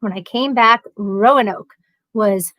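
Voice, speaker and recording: A woman's voice: fairly high pitch, takes it slowly, a bit bright, dry recording. A woman with a New York accent chatting casually as a livestream host, reading chat messages aloud and rambling with frequent laughs.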